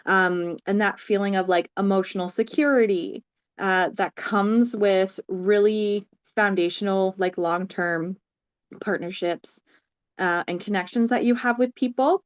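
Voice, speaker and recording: A woman's voice: medium pitch, steady tone, measured pace, highs cut off. Woman co-host talking tarot, lots of fillers. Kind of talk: casual chat.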